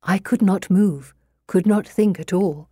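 A woman narrating an audiobook in an expressive storytelling way. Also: medium pitch, unhurried, slightly rough, no echo, studio quality.

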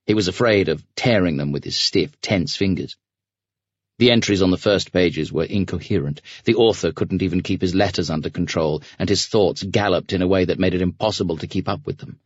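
A man reading scripted audiobook narration in a steady, measured way. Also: low-pitched, dry recording. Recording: dull, dry lo-fi recording.

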